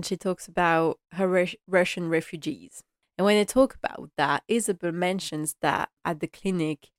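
A woman talks through an episode in a casual, chatty recap, acting out the characters' lines with animation. Her voice sits a little low, and the sound is dry with no room echo. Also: clear, resonant tone. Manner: chatty and animated, acting out quotes, laughing often. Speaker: show recap vlogger.

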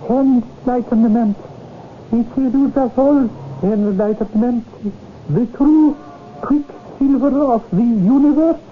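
A serene, oracular street guru played by an actor drawls each word very slowly and gravely, as in a 1970s radio play. The sound is thin and tinny like an old broadcast, with a faint hiss underneath. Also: medium pitch, lightly acted. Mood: solemn. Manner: slow, grave, oracular phrasing. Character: slow-spoken mystic street guru, solemn and serene. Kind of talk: 1970s radio drama acting.

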